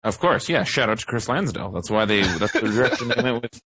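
Animated, swearing young podcast host. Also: male voice, fairly low pitch, fast talker, husky, no room sound. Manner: animated, profane ranting with laughs. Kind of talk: casual podcast chat.

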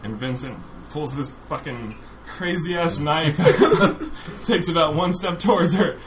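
A man's voice: fairly high pitch, slow pace. A man casually telling a funny story on a podcast, laughing often as he goes. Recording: noisy recording.

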